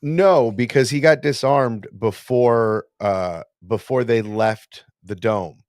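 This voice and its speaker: A man's voice: medium pitch, slow, darkish tone, dry recording, clean studio sound. A man co-hosting a casual fan podcast, talking in a rambling, self-correcting, playful way. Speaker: podcast co-host.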